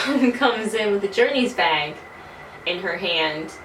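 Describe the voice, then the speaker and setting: A woman's voice: mid-range voice, slow. Swearing young woman telling a story. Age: early 20s. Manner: animated, swears freely. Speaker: vlogger. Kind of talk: casual storytelling. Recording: roomy, from a distance, faint noise.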